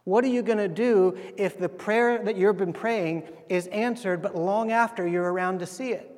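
A man's voice: high-pitched, moderate pace, darkish tone, big-room sound. A man preaching a sermon as pastor, conversational and full of rhetorical questions, acting out what people say.

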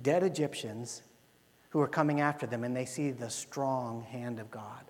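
A man's voice: mid-range voice, steady tone, moderate pace. Preacher man in a reverberant hall. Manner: earnest, repeats words, swells louder for emphasis. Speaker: pastor. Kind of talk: sermon. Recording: long reverb of a large hall.

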